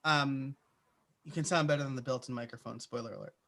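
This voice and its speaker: A man's voice: mid-range voice, steady tone, fairly quick, pushed and bright. A man answering interview questions in a casual, chatty way, with plenty of "uh" and "like" fillers. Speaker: podcaster guest.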